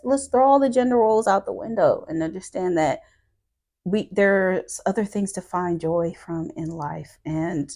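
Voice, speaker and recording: Slow, thoughtful woman podcast host. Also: lowish voice, darkish tone. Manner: thoughtful, searching for words. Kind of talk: casual chat.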